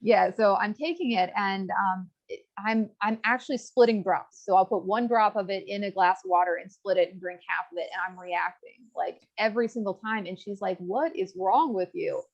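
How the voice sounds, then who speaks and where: A young woman from rural Virginia appears as a guest in a candid interview, earnestly and frankly telling her health story and quoting others in lively asides. Her voice is mid-range and brisk. The lo-fi audio sounds slightly dull.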